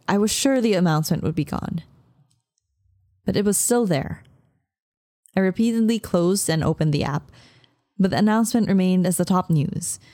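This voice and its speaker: A woman's voice: on the low side, dark tone, dry recording, clean studio sound. A woman reading a romance novel aloud as an audiobook narrator. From Philippines. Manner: measured, emotive first-person reading.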